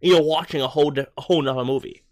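A man co-hosting a podcast, talking over a film in a casual, rambling way, full of "like" and restarts, and often getting excited. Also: on the high side, rapid-fire. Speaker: podcast co-host. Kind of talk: casual movie-review chat.

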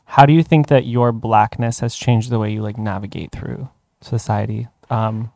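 A man's voice: on the low side, fairly even intonation, normal speed, dry recording. Curious male podcast host asking questions. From outside the United States. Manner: curious, gently probing questions. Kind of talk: interview conversation.

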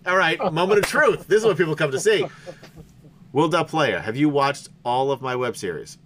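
A man's voice: on the high side, expressive, normal speed, crowd noise. A man hosting a tabletop game stream, teasing his players and laughing as he signs off. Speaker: game master and stream host. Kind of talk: casual stream sign-off chat.

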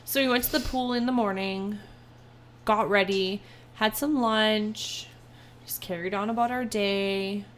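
A young woman co-hosting a podcast, telling a travel story in an animated, exaggerating way with plenty of swearing. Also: mid-range voice, measured pace, slight background noise. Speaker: podcast co-host. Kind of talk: casual storytelling chat.

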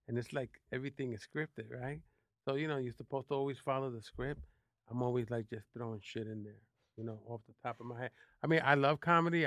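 A man from New City, a guest telling animated, profane stories with lots of restarts. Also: a little high, dry recording, clean studio sound. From New York City. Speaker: guest actor. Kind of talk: casual interview storytelling.

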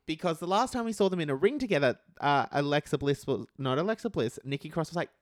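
A woman co-hosting a casual podcast, talking animatedly with frequent swearing and quick asides. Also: low voice, expressive, no room sound, studio quality. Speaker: podcast co-host. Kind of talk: casual wrestling chat.

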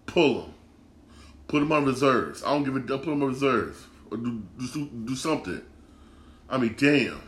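A man hosting a solo sports show, cursing and repeating himself as he vents about the games. His voice sits at an ordinary pitch and rings around a bare, echoey room. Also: very animated, moderate pace. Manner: profane, exasperated, repetitive. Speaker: sports podcast host.

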